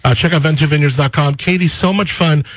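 Husky upbeat radio host man. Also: a little high, fast talker, fairly bright tone, no room sound. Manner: upbeat, enthusiastic, sing-song promo delivery. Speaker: radio morning show host. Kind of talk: casual radio interview chat. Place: radio studio. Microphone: studio microphone.

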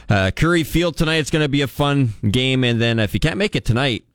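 A man's voice: fairly low pitch, no echo, studio quality. A man reading a sponsored sports update on the radio in an upbeat, jokey way. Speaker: radio sports ticker reader.

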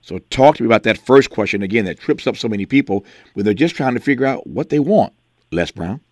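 A man hosting a radio talk show in a studio, earnest and measured, with reflective personal asides. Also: medium pitch, expressive, darkish tone, dry recording. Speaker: radio host. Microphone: studio mic.

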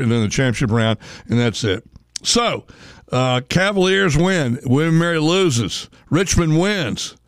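A man's voice: a little high, no echo, clean studio sound. Rambling folksy radio sports host, man. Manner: rambling, folksy, full of fillers and asides. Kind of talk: casual sports talk radio. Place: radio studio. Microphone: studio microphone.

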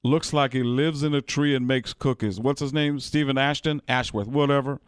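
A comedian impersonating a blustery middle-aged basketball TV analyst who mangles names and rambles in exasperation. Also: male voice, medium pitch, steady tone, moderate pace, smooth, dry recording, clean studio sound, lightly acted. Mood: exasperated. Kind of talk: celebrity impression on sports radio.

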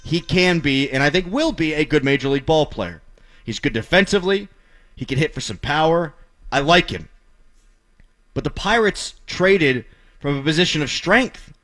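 A middle-aged man delivers opinionated sports talk as the host. His fairly high voice swings widely in pitch and has a bright, forceful edge. He rants and turns sarcastic. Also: normal speed. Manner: animated, ranting, sarcastic.

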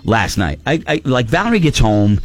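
A man's voice: mid-range voice, very animated, moderate pace. A middle-aged man hosting a radio show, telling a story with lots of laughter and acting out his wife's lines. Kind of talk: morning radio banter.

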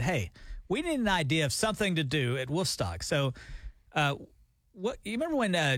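Playful male radio host, slightly high voice. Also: a bit bright, dry recording, studio quality. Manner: playful, mock-serious. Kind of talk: morning radio banter. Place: radio studio. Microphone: studio microphone.

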